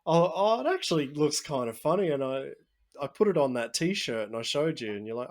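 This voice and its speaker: A man hosting a podcast, telling a story in casual chat with animated asides. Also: on the high side, a little fast. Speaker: podcast host.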